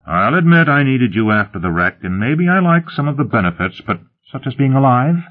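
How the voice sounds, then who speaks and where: A man's voice: mid-range voice, very animated, brisk, voice pushed up, natural voice. Man doing a gloating, brash pleasure-seeker. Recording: tinny phone-like sound.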